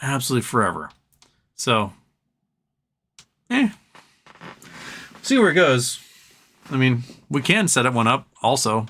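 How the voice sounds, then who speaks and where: Man, live stream host, bright tone, casual rambling chat, reads viewer comments. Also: medium pitch, very animated, unhurried, long pauses.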